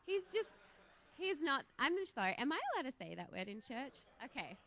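An Australian woman in her thirties gives a relaxed church sermon with a bright, clear tone. Her pitch leaps around as she chats and laughs at herself, and her manner is warmly informal rather than formal. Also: normal speed. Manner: chatty, laughs often, self-deprecating. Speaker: preacher. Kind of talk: casual sermon.

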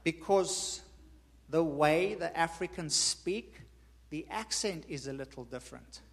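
A preacher with a notably high, gravelly voice delivers a sermon at a measured pace, hammering points home by repeating them in an emphatic teaching cadence. A long church-hall reverb trails his voice.

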